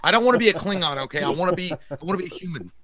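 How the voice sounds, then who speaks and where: A man's voice: sits high, animated, rapid-fire, sharp tone, no room sound, lo-fi sound. A man co-hosting a live movie stream, chatting and joking profanely and reading viewer messages aloud. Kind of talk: casual live-stream banter.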